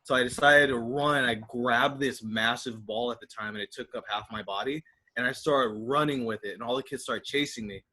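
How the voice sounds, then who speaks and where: A young man co-hosting a casual podcast, spinning a rambling story with animated energy. His voice is bright and forward, at an ordinary pitch. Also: moderate pace, rough recording. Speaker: podcast co-host.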